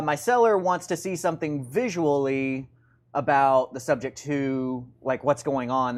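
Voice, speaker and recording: A man hosting a casual real estate teaching chat, animated and joking, with lots of fillers. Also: mid-range voice. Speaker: real estate investing show host.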